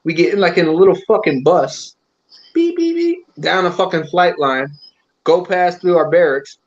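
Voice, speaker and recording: A high-pitched man spins profane, animated army stories for his old buddies. He keeps jumping into other people's lines as he tells them. His voice comes through slightly dull and lo-fi. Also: normal speed. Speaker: army veteran reminiscing. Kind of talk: casual storytelling among friends.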